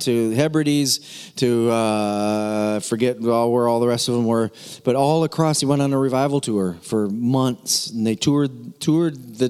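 A man's voice: mid-range voice, big-room sound. A middle-aged man preaching a sermon as pastor, talking in a conversational way with joking asides and frequent restarts.

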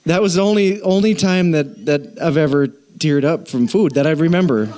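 A middle-aged man, the pastor, preaching a sermon in an animated, self-deprecating storytelling way. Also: on the high side, normal speed.

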